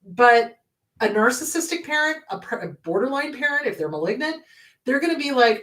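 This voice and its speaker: A woman's voice: sits high, a little fast. A woman therapist hosting her show, answering a viewer's question in an emphatic way and acting out what parents say. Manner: animated and emphatic, acts out quoted parents.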